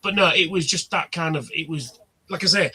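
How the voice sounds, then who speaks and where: A man's voice: a little high, fairly quick, bright, forceful tone, slightly rough. A man hosting a casual livestream chat, telling anecdotes and acting out the quoted exchanges. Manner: chatty storyteller, acts out quoted exchanges. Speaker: livestream host.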